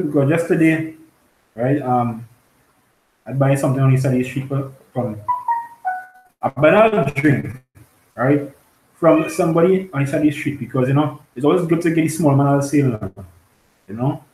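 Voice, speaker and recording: A man in a casual religious group discussion, telling a story haltingly with many fillers and frequent check-ins with his listeners. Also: mid-range voice, darkish tone, echoey room, low-quality recording. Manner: halting storytelling, many fillers, keeps asking "you understand?". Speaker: discussion participant.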